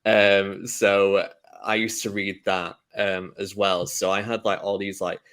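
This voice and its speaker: A man's voice: lowish voice, flat delivery, a little slow, fairly bright tone. A man in a casual podcast discussion, rambling through one example after another. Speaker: podcast guest.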